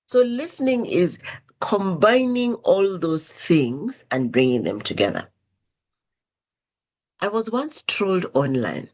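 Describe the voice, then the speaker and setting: In a conversational storytelling monologue, a woman podcast host speaks slowly in a lower voice. She's animated, acting out quoted dialogue with shifting intonation.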